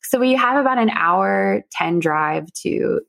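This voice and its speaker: A woman's voice: mid-range voice, slow pace, creaky. A young woman guest telling a personal story in a casual interview, joking her way through it. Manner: jokey, self-deprecating, animated.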